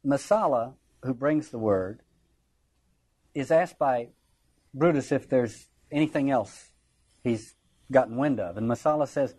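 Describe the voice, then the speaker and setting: A husky-voiced man lecturing in a loose, conversational way. He is wry and dry, and he keeps slipping into little acted readings of the lines he quotes. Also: medium pitch, measured pace, pauses often, a little mellow, low-quality recording. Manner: conversational, wry, acts out quotations. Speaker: literature lecturer. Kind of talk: informal lecture on a play.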